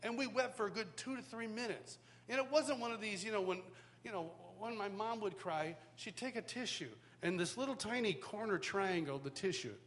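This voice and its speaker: A man teaching a worship school, telling a personal story in an animated way, acting out quotes and laughing often, in front of a live audience. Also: high voice, normal speed. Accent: Canadian. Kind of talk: storytelling sermon. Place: large hall, live audience.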